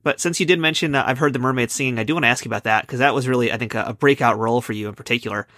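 A man's voice: medium pitch, rapid-fire, fairly bright tone, no echo, clean studio sound. A man from the United States hosting an interview podcast, enthusiastic and full of praise for his guest. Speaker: podcast host. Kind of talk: casual interview chat.

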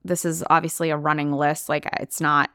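A woman's voice: low voice, flat delivery, moderate pace, bright, forceful tone, clear, resonant tone, dry recording, studio quality. A young adult woman hosting her own podcast as a coach, talking casually and upbeat, often laughing. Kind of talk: casual solo podcast talk.

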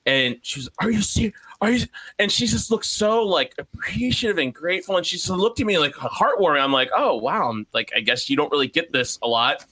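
A man's voice: on the high side, very animated, a little fast, hardly any pauses, sharp tone. A man on a casual podcast who tells a story in a laid-back way, chuckling and trailing off.

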